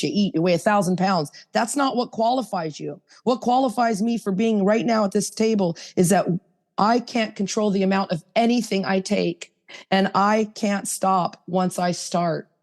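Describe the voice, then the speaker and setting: A woman's voice: mid-range voice, normal speed, a little mellow. A woman in her fifties sharing her own story at a recovery roundtable, speaking in an earnest, rambling way and correcting herself as she goes. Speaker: recovery meeting participant.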